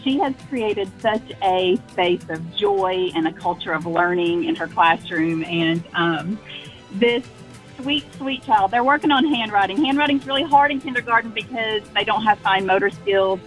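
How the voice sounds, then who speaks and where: A woman's voice: medium pitch, normal speed, faint music behind, low-quality recording. A woman who works as a consulting teacher, telling a story tenderly in casual talk. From Tennessee.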